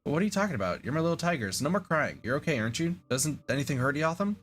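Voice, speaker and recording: A man's voice: on the high side, sing-song, rapid-fire, a bit bright. A man reading aloud the lines of a wounded, brave young female forest guardian in his own voice. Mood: weary, reassuring.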